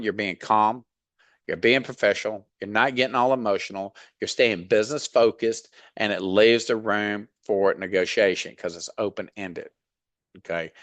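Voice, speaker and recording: A man's voice: lowish voice, a bit bright, no echo. A man with a Southern accent giving a casual lesson on dispatching freight, blunt and folksy, with mild cursing and frequent fillers. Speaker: dispatch trainer. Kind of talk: casual instructional talk.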